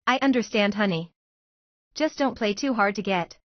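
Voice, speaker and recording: A woman voicing a gently teasing, knowing mother of a teenage daughter, in a fan-fiction story reading. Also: medium pitch, animated, normal speed, no echo, dull audio, natural voice.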